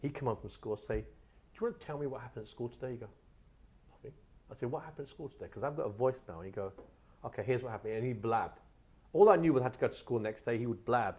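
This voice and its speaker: A middle-aged man from England, a guest telling animated stories in a casual podcast chat. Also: mid-range voice. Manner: animated storyteller, quick and lively. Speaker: guest author.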